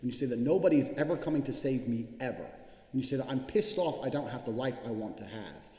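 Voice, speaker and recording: A man gives a blunt motivational speech laced with profanity, hammering points through repetition. His voice is medium-pitched, fast and dark in tone. Long reverb from an echoey hall colors the sound.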